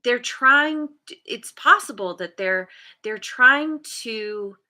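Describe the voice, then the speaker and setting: A woman reads tarot cards aloud, slow and unhurried, pausing and restarting as she searches for the right words. Her voice is bright and forward. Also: fairly high pitch, expressive. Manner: hesitant, searching, many restarts. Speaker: tarot reader. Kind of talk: intuitive tarot reading.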